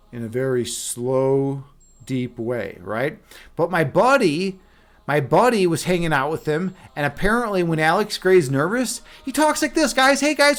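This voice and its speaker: A young adult man chatting casually on a live stream, telling stories and reading chat, with many fillers and restarts. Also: on the high side.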